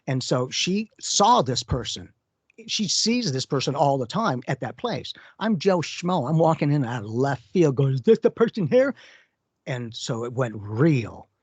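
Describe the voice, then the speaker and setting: A man's voice: mid-range voice, breathy edge, no room sound. A man co-hosting a radio talk show as a psychic medium, telling stories in a casual way and acting out the voices he quotes. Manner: storytelling, acts out quoted voices. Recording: dull lo-fi radio audio.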